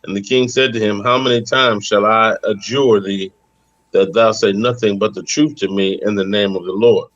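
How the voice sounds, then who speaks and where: A man reading scripture aloud at a steady, measured pace in a bible study. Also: on the low side, no echo, highs cut off. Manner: steady, measured reading of old-style text. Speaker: scripture reader.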